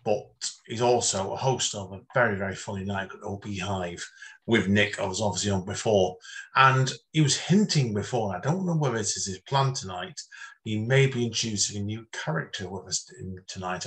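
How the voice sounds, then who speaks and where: A man's voice: on the low side, lively intonation, a little fast, a bit bright. A British man hosting an online open mic, chummy and casual, calling everyone mate. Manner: chummy, says "mate" a lot. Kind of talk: casual hosting on a video call. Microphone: video call.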